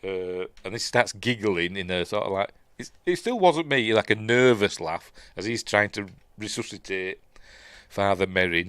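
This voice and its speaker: A man with a Yorkshire accent talks his way through a film in a relaxed, rambling commentary, often trailing off into fillers and restarts. His voice sits fairly low. It is recorded close up and dry, with no room echo. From Yorkshire, England. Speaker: film review host. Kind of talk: casual watch-along commentary.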